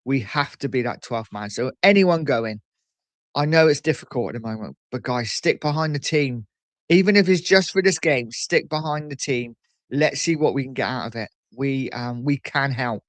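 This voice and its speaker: A man's voice: mid-range voice, moderate pace, no echo. A man hosting a casual fan live stream, reading out viewer comments and reacting in a chatty way, often repeating himself. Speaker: fan channel host reading live chat.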